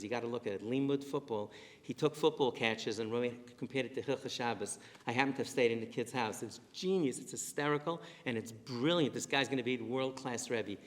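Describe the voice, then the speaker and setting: A middle-aged man, a rabbi, giving a lively storytelling talk to a live audience and repeating phrases for emphasis. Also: medium pitch. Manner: animated, repeats himself for emphasis. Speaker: rabbi and speaker. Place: synagogue hall with a live audience. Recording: long reverb in a synagogue hall.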